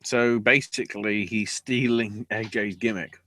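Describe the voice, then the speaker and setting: A man's voice: fairly low pitch, steady tone, moderate pace, few pauses, pushed and bright. A man hosting a podcast, giving a rambling, sarcastic play-by-play recap with casual swearing. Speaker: podcast host.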